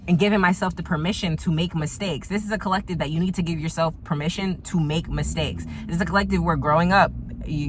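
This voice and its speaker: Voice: mid-range voice, fairly bright tone. A tarot reader delivers a casual spiritual reading, talking straight to the viewer with emphatic, repetitive phrasing. The voice sits in a middling register, and a faint hiss runs under it indoors.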